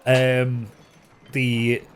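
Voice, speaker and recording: A man's voice: medium pitch, completely flat delivery, drawn-out words, a crowd in the background. A man narrating a tabletop game as game master, rambling with many fillers and hesitations.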